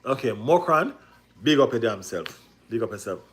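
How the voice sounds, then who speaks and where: A man hosting a football livestream, ranting excitably and repeating himself with rhetorical questions. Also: medium pitch, normal speed. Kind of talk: casual livestream rant.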